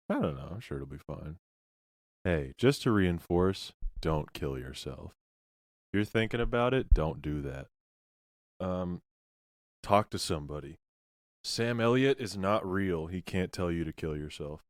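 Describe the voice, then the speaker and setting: A young man with a very deep voice co-hosts a late-night podcast in a laid-back, joking way, laughing easily. His voice is recorded close and dry, with no room around it. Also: lively intonation, unhurried, long pauses, dry recording. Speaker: podcast co-host. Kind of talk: casual late-night chat.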